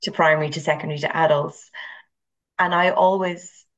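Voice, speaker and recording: Irish woman, teacher, low voice, lively storytelling, interview. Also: normal speed, lo-fi sound. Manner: animated storyteller, acts out voices. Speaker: teacher and guest. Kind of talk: conversational interview.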